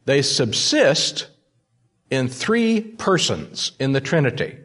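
A man's voice: mid-range voice, very animated, takes it slowly, fairly bright tone, breathy edge. A man preaching a sermon, stressing key words by repeating them. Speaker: pastor.

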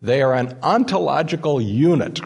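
A man's voice: medium pitch, animated, normal speed, vocal fry, darkish tone, slightly rough. A man preaching a sermon, stressing key words by repeating them. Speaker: pastor.

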